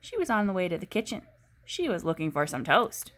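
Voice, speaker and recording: A woman teacher reading a children's book aloud in an expressive storytelling voice. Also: on the low side, brisk.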